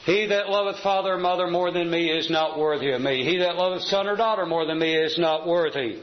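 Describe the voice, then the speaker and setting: High-voiced preacher in an echoey hall. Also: male voice, a little hiss or hum. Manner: measured preaching, slows to stress scripture. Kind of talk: sermon. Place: church assembly hall. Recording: echoey, slightly dull church recording.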